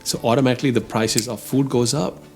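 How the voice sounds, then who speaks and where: Man, commentary host, emphatic, heated, mid-pitched voice, faint music. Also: fairly even intonation, quick pace, gravelly, darkish tone. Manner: emphatic, addresses listeners as folks, gets heated. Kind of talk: opinionated commentary on the economy.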